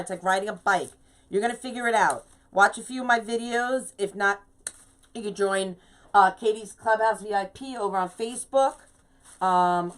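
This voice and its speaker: A middle-aged woman hosting a live craft video, chatting casually while she works and greeting viewers by name. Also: fairly low pitch. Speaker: craft livestream host.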